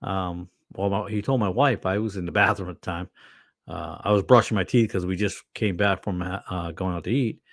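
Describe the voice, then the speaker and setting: A weary middle-aged pastor talks casually on a livestream, rambling with lots of fillers and false starts. His male voice sits low and moves briskly. The studio-quality recording has no echo.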